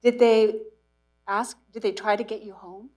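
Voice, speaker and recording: A woman's voice: mid-range voice, fairly even intonation, a little slow, a little mellow, rough recording. A woman interviewing a guest on stage before students, summing up and asking follow-up questions. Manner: encouraging, summarizing questions. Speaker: interviewer and moderator. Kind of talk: onstage interview. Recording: faint mains hum.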